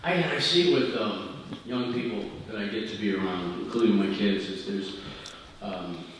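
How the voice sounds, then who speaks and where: A man's voice: fairly low pitch, moderate pace, slight background noise. A man, an author taking audience questions after a reading, talking candidly and chatting with a frequent laugh. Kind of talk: casual talk after a reading. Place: festival hall. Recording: echoey hall from far off.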